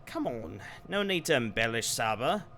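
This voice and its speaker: A man's voice: mid-range voice, sing-song, normal speed, gravelly, fairly bright tone. A male streamer playing a game live, reading the dialogue aloud and adding wry, joking asides.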